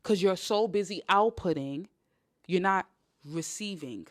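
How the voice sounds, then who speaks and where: Brief: young New woman, blunt and animated, swears freely, dry close sound. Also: lowish voice, a little slow, no echo. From New York. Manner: blunt, animated, profane, mimics others. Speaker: host. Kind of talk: casual livestream talk.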